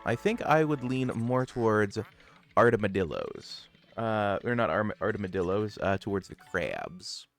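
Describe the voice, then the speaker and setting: A young man streaming a game, chatting casually in a playful, jokey way. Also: fairly low pitch. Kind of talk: casual livestream chat.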